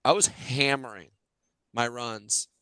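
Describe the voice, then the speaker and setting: This podcast host's voice sits at medium pitch and moves slowly, with a clean tone and no echo. He's chatting casually, spinning animated, loosely told stories full of filler words.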